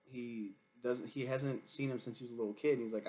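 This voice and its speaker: A man talks through a TV series in an unscripted review. He rambles and swears freely, piling up fillers as he goes. His voice sits at an ordinary middle pitch. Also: fairly even intonation, a little fast, warm tone. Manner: rambling, profane, lots of fillers. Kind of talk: casual review chat.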